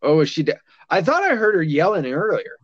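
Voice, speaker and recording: A man's voice: on the high side, big pitch swings, brisk, slightly rough, no echo, muffled recording. A man in his thirties hosting a podcast in a casual chat, swearing freely and laughing often. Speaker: podcast host.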